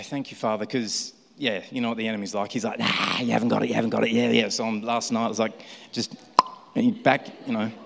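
A man in his forties preaching and praying at church in an emotional, rambling way with many restarts. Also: medium pitch. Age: 40s. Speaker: guest preacher. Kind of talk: church sermon. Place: large church hall. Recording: long hall reverb.

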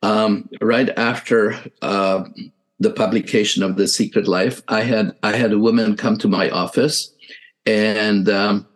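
An older man speaks as a psychiatrist in a storytelling lecture, his voice sitting a little low. He takes his time over every phrase, pausing on fillers and restarting sentences as he goes. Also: steady tone, rough recording. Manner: halting, unhurried, with many filler sounds and restarts. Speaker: psychiatrist and author.

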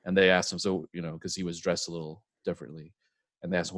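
A man with a low, deep voice co-hosts a relaxed chat. He agrees readily and drifts into side stories. The recording is dry and close. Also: quick pace, no echo. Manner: agreeable, frequent "yeah", digressive anecdotes. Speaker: podcast co-host. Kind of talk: casual chat.

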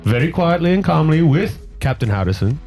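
A man voicing a smooth, placating male cat-folk elf who keeps calling people his friend. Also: on the high side, very animated, fairly quick, darkish tone, faint music behind, voice pushed up. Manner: smooth, placating, with hesitant filler phrases.

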